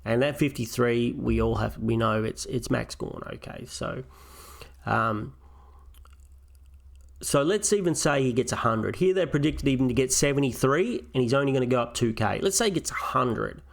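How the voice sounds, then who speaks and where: A man's voice: mid-range voice, normal speed, creaky. A man hosting a casual solo review of his fantasy football team, thinking aloud as he weighs his options step by step. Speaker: fantasy football channel host.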